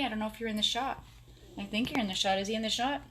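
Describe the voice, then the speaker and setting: A woman's voice: fairly high pitch, rapid-fire, background noise. A woman from South Florida chatting on a home live stream from her phone, telling a story with lots of fillers and emotion. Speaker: livestream host. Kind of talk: casual live stream chat.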